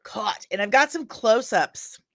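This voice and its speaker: Slow-talking, chatty woman host. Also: a little high, animated, a bit bright, dry recording, clean studio sound. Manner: chatty, rambling asides with laughs. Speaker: host of a pop culture news channel. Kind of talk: casual live commentary, reading viewer comments aloud.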